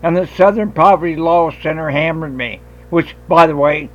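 Man, talk radio host, high voice, combative, swearing, loud rant. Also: normal speed, highs cut off.

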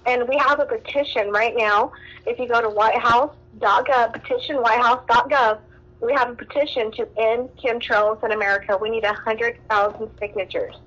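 A woman's voice: fairly high pitch, steady tone, moderate pace, a bit bright, muffled recording. Upset woman calling in by phone. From Southern California. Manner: upset, rambling with many fillers. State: distressed. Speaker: caller. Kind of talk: call-in radio talk.

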